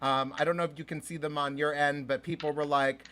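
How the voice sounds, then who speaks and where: Bright-voiced gushing drag host. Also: male voice, a little high, level tone, a little fast, few pauses, slight background noise. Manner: gushing, swearing, filler-heavy. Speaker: drag host of a live show. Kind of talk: live-streamed casual chat.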